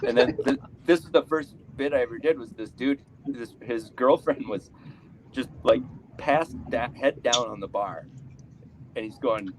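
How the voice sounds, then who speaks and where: A man's voice: mid-range voice, moderate pace, slight background noise, poor audio. A man, doing a rambling live stand-up set, cutting himself off and laughing at his own jokes. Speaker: stand-up comedian.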